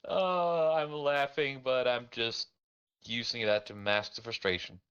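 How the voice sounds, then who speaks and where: A man's voice: mid-range voice, steady tone, measured pace, a bit bright, clear, resonant tone, highs cut off. A man co-hosting a podcast, dropping wry, teasing interjections and joking about his frustration. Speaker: podcast co-host. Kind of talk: casual political chat.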